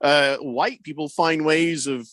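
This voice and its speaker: A man co-hosting a radio show, telling stories in a casual, animated way and acting out what people said. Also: a little high, slow, dry recording. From Irish heritage. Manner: animated storyteller, acts out quotes. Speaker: radio co-host. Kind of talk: casual sports radio banter.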